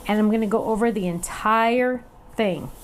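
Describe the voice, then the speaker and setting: A woman's voice: on the high side, normal speed, slight background noise. Chatty woman teaching a craft class. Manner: chatty and upbeat, talks to viewers while working; laughs at herself, playful sound effects. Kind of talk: live online crafting demonstration.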